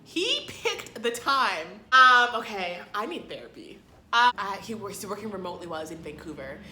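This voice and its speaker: A young woman telling a storytime vlog in a sassy, dramatic way, with sudden loud outbursts. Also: medium pitch, expressive, quick pace, slight background noise. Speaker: vlogger. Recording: echoey room.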